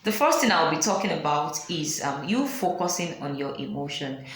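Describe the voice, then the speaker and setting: A woman's voice: sits low, sing-song, moderate pace, slight background noise. A Nigerian woman giving a motivational talk to camera on her channel, earnest and repeating her key points. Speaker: vlogger. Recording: very echoey room.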